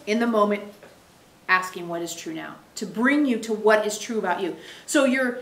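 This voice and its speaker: A woman channeler speaking as "we" for a spirit group, giving an emphatic, animated teaching to a small live audience. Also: medium pitch, normal speed. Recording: echoey room.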